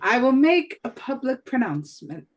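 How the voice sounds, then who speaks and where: A woman voices a theatrical middle-aged male railway director, pleading one moment and outraged the next. His pitch sits a little high and leaps upward when he scoffs. It is all read aloud at a table read. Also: big pitch swings, normal speed.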